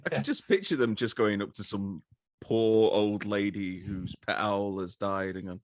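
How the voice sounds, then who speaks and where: A man with a somewhat low voice riffing on a cheap action movie for a podcast. He pauses on fillers and puts on quick voices for quoted lines. The sound is dry and close. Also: no echo. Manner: hesitant fillers, jokey, acts out quotes. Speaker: podcast co-host. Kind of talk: casual comedic movie chat.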